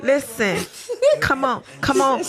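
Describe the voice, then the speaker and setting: A woman's voice: high-pitched, slow pace, a crowd in the background. A woman co-hosting a podcast, bossy and laughing as she urges the others on in casual banter. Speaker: podcast co-host.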